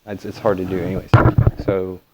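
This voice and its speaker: A man's voice: low-pitched, flat delivery, fairly quick, heavy background noise. A man talking through a casual vlog, meandering with frequent fillers and self-corrections. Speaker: channel host. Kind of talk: rambling casual vlog commentary.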